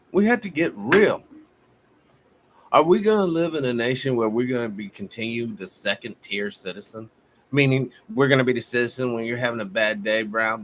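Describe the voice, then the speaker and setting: There's a faint hiss or hum as a male live-streamer rails through a fiery, profane monologue like a preacher, his volume swinging from explosive outbursts down to low muttering.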